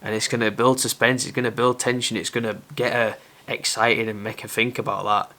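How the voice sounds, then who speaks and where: A man's voice: medium pitch, level tone, fairly quick, sharp tone. A young man talking casually to camera as a dating advice presenter, candid and self-aware.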